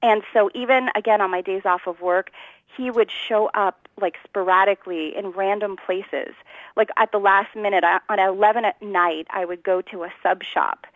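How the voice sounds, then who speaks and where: A woman's voice: mid-range voice, steady tone, normal speed, no echo, phone-quality sound. Earnest woman telling her testimony. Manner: earnest storytelling, acts out quotes, laughs often. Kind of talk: personal testimony in a conversation.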